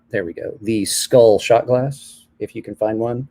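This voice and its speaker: A man's voice: lowish voice, a little slow, mellow. A man in his forties chatting casually on a late-night live stream, telling rambling stories with a self-deprecating streak.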